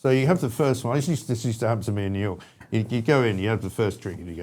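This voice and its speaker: A man's voice: on the low side, very fast, hardly any pauses. This is an English man co-hosting a casual talk show. He tells stories with lots of asides, and his voice climbs when something amuses him. He laughs easily as he goes. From England. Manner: animated storytelling, laughs often, trails into asides. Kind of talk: casual opinion chat.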